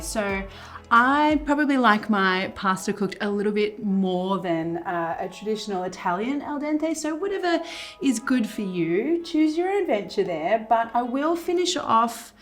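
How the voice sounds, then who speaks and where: A woman hosting a cooking show, chatting casually through a recipe as she cooks in a kitchen. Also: a little high. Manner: chatty, relaxed, with fillers. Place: home kitchen.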